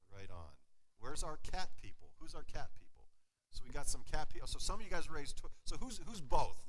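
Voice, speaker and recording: A mid-range-voiced pastor delivers an energetic sermon in the church sanctuary, drawing in the congregation with questions and humor. The recording quality is low.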